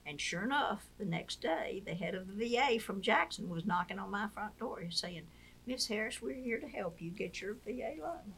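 Older woman guest, gravelly, animated storyteller. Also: medium pitch, normal speed, slight background noise. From Mississippi. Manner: lively storyteller acting out quoted voices. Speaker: interview guest, wife of a former POW. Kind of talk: storytelling in a conversational interview.

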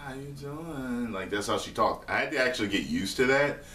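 A man's voice: fairly low pitch, expressive, fast talker, sharp tone, slight background noise. A man vlogging, telling a loose, slangy story with swearing and laughs. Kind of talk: casual storytelling. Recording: echoey room, mic far off.

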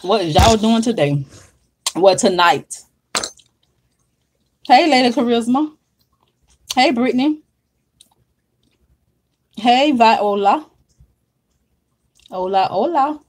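A woman's voice: a little high, expressive, slow, long pauses, slightly rough. Woman, livestream host, casual chat, drawling, greets viewers by name, at home. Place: home, at her makeup desk.

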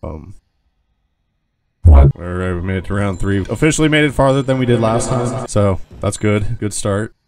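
Young man, low voice, gameplay commentary, excitable, swearing, faint game noise behind. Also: moderate pace. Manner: excitable, swears a lot, yells when panicked. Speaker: gaming YouTuber.

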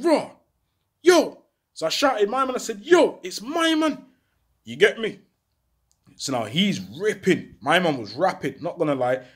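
Husky young man telling a story. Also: high-pitched. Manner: animated, slangy, acts out voices loudly. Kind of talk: casual storytelling to camera.

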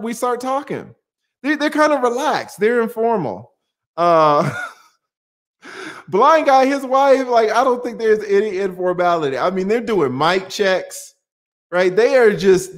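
A man hosts a casual livestream and talks straight to his chat. His voice sits a little high, and he rambles in an animated way, restarting phrases and jumping up in pitch as he gets worked up. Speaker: livestream host.

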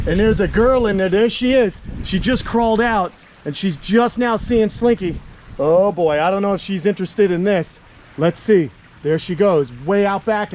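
Excited man coaxing a lizard outdoors. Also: a little hiss or hum. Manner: coaxing an animal in a high sing-song voice, then talking to viewers. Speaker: reptile keeper vlogger. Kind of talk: excited outdoor vlog narration. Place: outdoors on a property.

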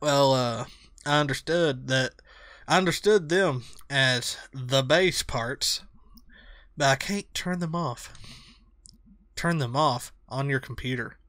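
A gamer voicing a calm, soft-spoken young male bear character in a video game, low and mumbly. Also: slow, pauses often, no room sound, clean studio sound. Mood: flat calm.

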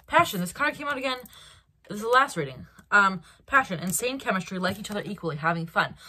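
A woman giving a solo tarot card reading, talking in an animated way with restarts and acted-out reactions. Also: mid-range voice, fast, noisy background. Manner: animated, acts out quoted reactions, hesitant restarts. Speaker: tarot reader.

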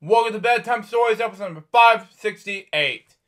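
A man hosting a bedtime story show, reading a picture book aloud haltingly with offhand asides. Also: high-pitched, a bit bright. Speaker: host.

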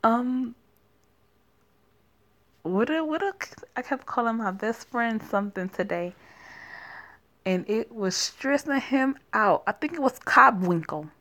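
A woman's voice: fairly high pitch, animated, slow pace, long pauses, fairly bright tone. A woman giving casual, joking commentary over a story game, with profane asides. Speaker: gaming channel host.

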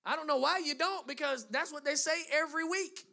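A man's voice: very high voice, a little fast, gravelly, bright, forceful tone. A man pastor preaching a sermon to his congregation, building emphatic lists and dropping into conversational asides.

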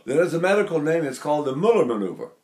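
A man's voice: fairly high pitch, sing-song, very fast, darkish tone. An older man teaching singing, talking in a rambling, anecdotal way and breaking off to demonstrate sounds. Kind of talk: spoken singing lesson.

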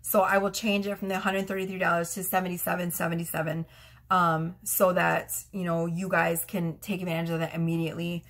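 A woman tarot reader rambling excitedly to her followers in a casual vlog, swearing freely and restarting her sentences. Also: fairly low pitch, a little fast.

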